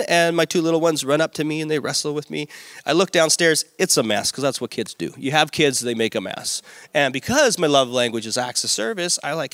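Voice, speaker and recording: A middle-aged pastor with a bright, forward voice delivers a lively sermon. He tells stories with playful asides, and his voice sits somewhat high for a man. The sound is close and dry. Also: brisk, smooth, no room sound. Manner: lively storytelling with playful asides and acted-out quotes.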